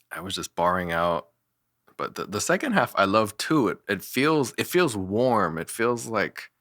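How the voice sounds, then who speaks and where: Man, young, very low pitch, dry recording, casual rambling commentary, filler-heavy. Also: bright, forceful tone, dry recording. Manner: rambling, self-deprecating, frequent fillers and laughs. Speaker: musician reviewing his own songs.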